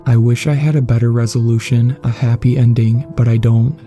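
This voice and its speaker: A man reads a horror story aloud in a steady, measured voice. His tone is deeply dark and mellow, and his pitch sits in the middle. Faint music plays underneath. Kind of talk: scripted horror narration.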